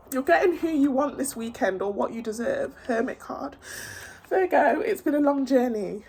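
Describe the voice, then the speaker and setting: Speaking at a normal pace in a high, expressive voice with a darkish tone, a woman tarot reader offers her viewers a casual reading. She is emotional and tearful but earnest and reassuring, full of fillers and repeated words, and there's a little hiss or hum on the recording.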